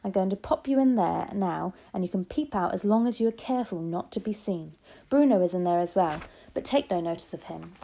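A woman voicing a calm, loving old grandmother who speaks in a soft whisper, in a storybook reading. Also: mid-range voice, fairly quick, creaky. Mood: reassuring. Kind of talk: storybook read-aloud.

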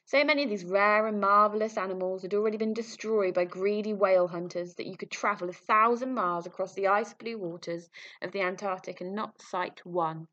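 A woman reading a storybook aloud with lively expression. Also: medium pitch, fairly quick. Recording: muffled lo-fi recording.

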